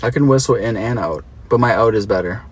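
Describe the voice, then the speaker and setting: A man's voice: on the low side, a little fast, heavy background noise. Aussie guy livestreaming from his car. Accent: Australian. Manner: playful, chatty, reads and answers chat. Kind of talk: casual live-stream chat.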